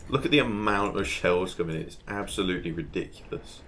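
A man with a fairly low voice talks through a naval battle game as he plays it. His commentary is casual and self-directed, full of quick excited exclamations. Faint ambient noise sits under his voice. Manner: chatty, talks to himself while playing, excitable exclamations. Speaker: gaming channel host.

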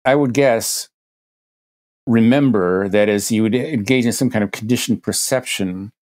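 A man's voice: fairly low pitch, normal speed, a little mellow. A man, a guest expert on a podcast, explaining ideas through hypothetical examples, thinking aloud with frequent restarts.

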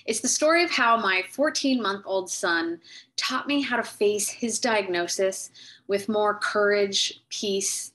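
A woman speaking as an author, telling a heartfelt personal story to camera over a video call, earnest and unhurried with thoughtful pauses. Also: medium pitch, fairly bright tone, rough recording. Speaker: author sharing her story.

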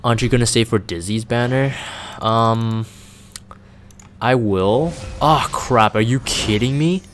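A man's voice: medium pitch, a little slow, faint music behind. A man casually chatting on a live stream, reading chat aloud and rambling with plenty of fillers. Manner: reads chat aloud, rambling and laid-back with many fillers.

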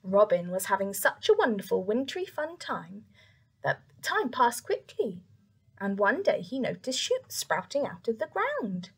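A young woman reading a picture book aloud to children, soft and expressive, with whispered asides. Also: medium pitch, measured pace, breathy edge. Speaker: children's story reader.

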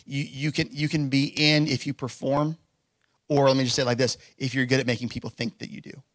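A man's voice: medium pitch, little pitch movement, fairly quick, a bit bright, no echo. A man preaching a sermon as pastor, telling stories casually with lots of fillers and building to emphatic declarations. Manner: casual storytelling with many fillers.

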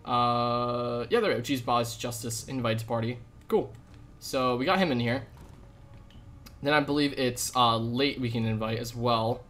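Talking into a desk USB mic, a man live-streams a game and chats casually with his audience, upbeat and full of slang. He has a mid-range, slightly bright voice with a steady tone and unhurried delivery.

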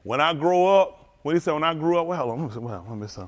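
A man with a highish, expressive voice delivers a fast-paced sermon. Loose and joking, he teases the congregation with drawling street slang.

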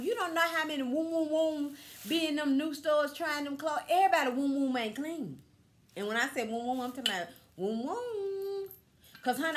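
A woman's voice: fairly high pitch, fairly bright tone, a little hiss or hum. A middle-aged woman chatting casually to viewers about a thrift haul, straightforward and full of stories and exclamations. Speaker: vlogger showing a thrift haul.

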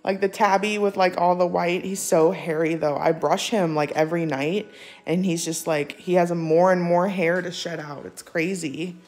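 A woman's voice: fairly low pitch, fairly even intonation, normal speed, darkish tone. A woman vlogging casually at home, chatting with her live viewers, reading their comments aloud and talking to her cat. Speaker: livestream vlogger. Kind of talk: casual live-chat vlog. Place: at home indoors.

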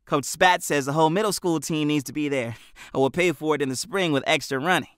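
A man voicing an excited, pleading middle school boy teammate in an audiobook. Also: fairly high pitch, fast talker, clean tone, no room sound, studio quality, lightly acted. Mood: eager.

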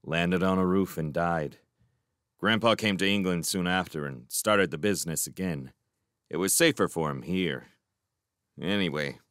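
A man's voice: sits low, measured pace, fairly bright tone, clean tone, no room sound, clean studio sound, pitched below the performer's own voice. A man voicing a cheerful, cocky teenage boy in a storybook reading, breezy and teasing. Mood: chatty.

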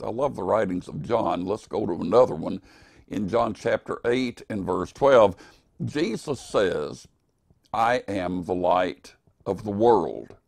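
An older man preaching an evening devotional in a slow, earnest, emphatic way. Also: on the low side, vocal fry, a little mellow, dry recording.

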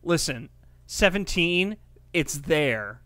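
A man co-hosting a podcast, reacting in a skeptical way with quick wry remarks. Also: on the high side, animated, sharp tone, no room sound. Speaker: podcast co-host. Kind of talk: casual podcast chat.

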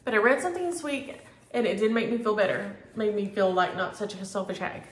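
A middle-aged woman talks in a homey, chatty way, sprinkling in y'all as she shows off her stitching and happy mail. Her voice sits at an ordinary pitch for a woman. It carries a noticeable echo from a room at home, picked up by a camera mic. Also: lively intonation, fairly quick. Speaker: flosstube host. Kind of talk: casual chat to camera. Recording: echoey room.

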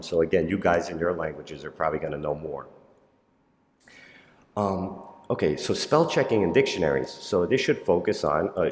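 A deep-voiced man gives a conference talk in a hall, the sound echoing and trailing off in a long reverb. His delivery is loose and chatty, padded with "um" and "and so". He acts out typos with quick "oh, whoops" asides as he walks through his slides. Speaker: conference presenter.

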